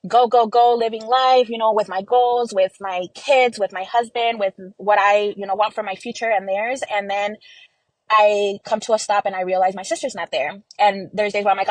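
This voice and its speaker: A woman's voice: mid-range voice, fairly even intonation, brisk, no room sound, low-quality recording. Chatty woman telling a personal story. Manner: chatty, heavy on "like" and "you know", emotional. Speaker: interview guest. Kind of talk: casual personal interview.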